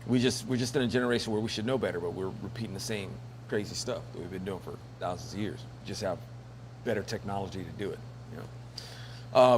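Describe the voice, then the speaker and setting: A man's voice: fairly low pitch, slight background noise. A man hosting a casual news commentary show, rambling and joking with lots of fillers and laughs. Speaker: host.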